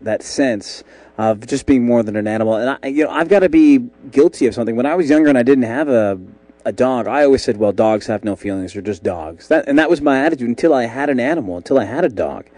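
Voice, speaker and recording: A man's voice: mid-range voice, lively intonation, fast, no echo. A man hosting a radio interview, reacting often and asking rambling questions. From Canada. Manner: reactive, fillers and restarts, warm agreement. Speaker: radio host.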